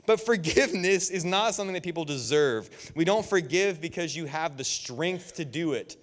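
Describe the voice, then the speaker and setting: A man in his thirties preaching to a youth group, telling lively stories and acting out quotes. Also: fairly high pitch, normal speed. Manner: animated storytelling with jokes and voiced quotes. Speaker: youth pastor. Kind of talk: sermon. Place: church youth room. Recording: echoey hall with long reverb.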